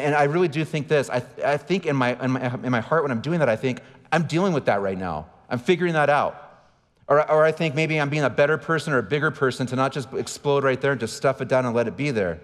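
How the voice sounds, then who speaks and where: A man's voice: medium pitch, quick pace. Man preaching in a reverberant church hall. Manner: candid, self-deprecating storytelling with asides to the crowd. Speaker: pastor. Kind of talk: sermon. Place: large church auditorium.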